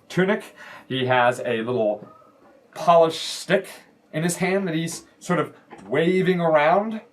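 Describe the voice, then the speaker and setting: A man serving as game master, narrating a tabletop game in a descriptive, halting way. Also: mid-range voice. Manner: descriptive, halting, full of fillers.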